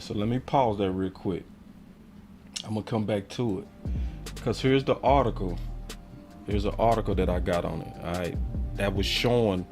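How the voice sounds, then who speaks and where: A man hosting a livestream sports commentary show, talking in a heated, emphatic way full of slang. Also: on the low side.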